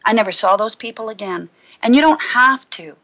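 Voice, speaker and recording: A middle-aged woman minister, a guest on a talk show, sharing a personal testimony in a casual, lively storytelling way. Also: a little high, a little fast, rough recording. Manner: lively storyteller who acts out her own past thoughts.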